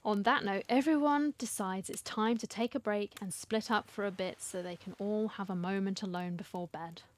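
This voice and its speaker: A woman's voice: mid-range voice, normal speed. A woman streamer reading a dating sim story aloud, with dramatic storytelling and wry asides. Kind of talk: reading game text aloud with commentary.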